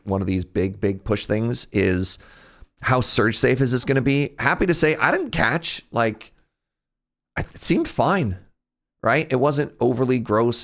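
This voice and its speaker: A young man chatting casually on a live stream, rambling and jumping in pitch when something excites him. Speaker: streamer reacting to a game showcase.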